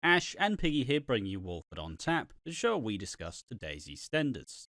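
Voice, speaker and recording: A man's voice: mid-range voice, very animated, normal speed, fairly bright tone, dry recording, clean studio sound. A man from Britain co-hosting a podcast, chatting casually and animatedly about a soap episode, often swearing and acting out lines. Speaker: podcast co-host.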